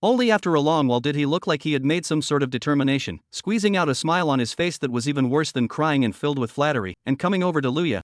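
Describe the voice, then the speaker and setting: A male narrator reads a story recap in a steady, matter-of-fact way. His voice sits a bit high and comes across close and dry, with no room sound. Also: quick pace, hardly any pauses, no echo.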